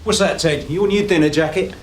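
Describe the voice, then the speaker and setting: An actor playing a sardonic, bossy police detective in a TV police drama, needling a colleague. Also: male voice, on the high side, quick pace, slight background noise, natural voice. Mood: sarcastic. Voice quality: sarcastic, needling.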